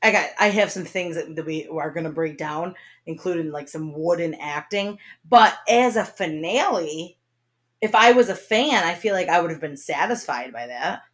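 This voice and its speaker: Chatty woman host with a lively, bouncing voice and an easy laugh. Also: lowish voice, moderate pace. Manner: animated, laughs often, chatty. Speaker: podcast host. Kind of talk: casual chat.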